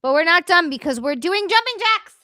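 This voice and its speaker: A high-voiced woman hosts a loose, playful livestream from home, chatting with viewers and walking them through stretches. She jokes, swears freely, and sounds a little winded from exercising. The sound is dry and close on a headset mic. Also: expressive, brisk, sharp tone, dry recording. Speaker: livestream host. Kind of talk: casual livestream chat with exercise demo.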